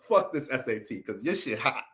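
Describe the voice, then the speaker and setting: An American man, an astrologer, ranting in a casual livestream, joking, cursing and laughing as he goes. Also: mid-range voice. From United States. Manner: profane, joking, animated.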